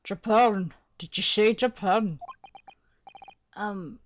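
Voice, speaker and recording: A woman voicing a polite, soft-spoken young male law student. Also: medium pitch, lively intonation, measured pace, gravelly, a little hiss or hum.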